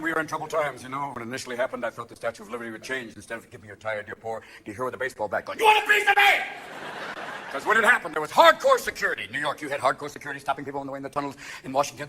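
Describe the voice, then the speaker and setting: A man performing a stand-up comedy routine on a theater stage, manic and shouting his punchlines as he jumps between voices. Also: mid-range voice, a little hiss or hum. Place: theater stage before a live audience. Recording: live show with loud crowd laughter.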